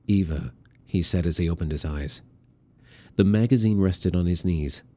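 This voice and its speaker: A male narrator reading a novel in a measured, deliberate manner. His voice is very deep and mellow, with a warm, dark tone. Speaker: audiobook narrator. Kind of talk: scripted narration.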